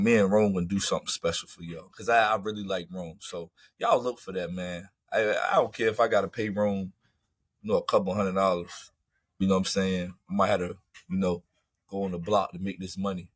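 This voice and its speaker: A lower-pitched man talks loosely about his comedy career. He drifts along, padding his lines with "man" and "you know." The recording is close and dry. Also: dry recording. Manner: laid-back, rambling, fillers like "man" and "you know". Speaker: comedian guest. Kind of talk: casual interview chat.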